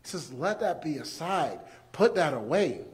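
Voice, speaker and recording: A man in his thirties with a high voice preaches a sermon. He swings from soft, quiet passages to loud, emphatic ones. He acts out the voices of the people he quotes. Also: very animated, unhurried. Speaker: pastor.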